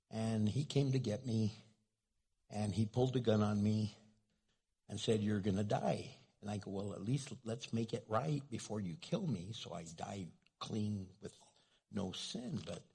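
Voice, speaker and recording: A man's voice: mid-range voice, warm tone, slightly rough. A man preaching a sermon as pastor, telling a story in a loose, conversational way full of fillers.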